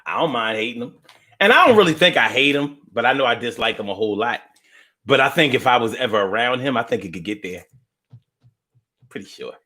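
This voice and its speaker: A man hosting a casual live stream, reading viewer comments and answering them in a playful, profane, animated way, swinging between loud outbursts and low mutters. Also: a little fast.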